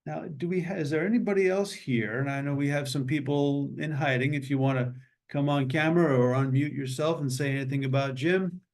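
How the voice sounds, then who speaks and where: A man hosting an online memorial meeting over a video call, talking in a relaxed, joking and meandering way. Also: fairly high pitch, brisk. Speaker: meeting host. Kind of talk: casual memorial meeting chat.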